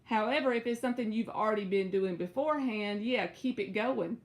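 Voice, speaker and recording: A young woman with a Southern US accent reads tarot on a casual live stream. She chats with viewers, drawls and stretches out her words, and jumps suddenly high. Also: fairly quick. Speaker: tarot reader.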